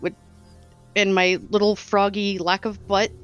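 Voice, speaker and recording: A woman's voice: mid-range voice, flat delivery, measured pace, a bit bright, smooth, muffled recording, faint music behind. A woman playing in a tabletop game, casually and playfully explaining her character. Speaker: tabletop player. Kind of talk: casual chat.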